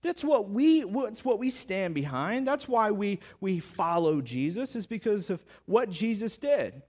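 A man's voice: high voice, sing-song, unhurried, a little mellow. A man, a pastor, preaching a sermon in a conversational storytelling manner with playful sarcasm.

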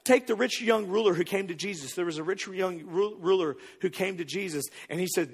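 Male pastor preaching, husky and a touch high, acts out his stories. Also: brisk, few pauses. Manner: storytelling with acted-out quotes, swinging from loud to hushed. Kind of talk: sermon.

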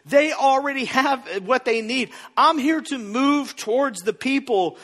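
A man voicing Jesus as a cheerful, eager grown man, in a bright, excited and casual way. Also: very high voice, measured pace, pitched above the performer's own voice, heavily acted. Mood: emphatic. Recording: long reverb in a hall.

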